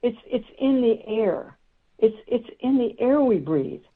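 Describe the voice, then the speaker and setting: A woman in her seventies from South Carolina, a guest calling in who talks fast and earnestly, repeating words. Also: a little high, lively intonation. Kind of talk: call-in interview. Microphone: phone. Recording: tinny phone line.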